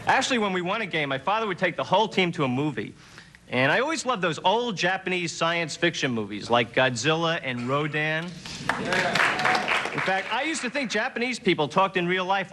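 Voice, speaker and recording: A young man doing a deadpan stand-up routine on a TV studio stage, slipping into quick character voices. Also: on the high side, heavy background noise. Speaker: stand-up comedian. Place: TV studio stage before a live audience.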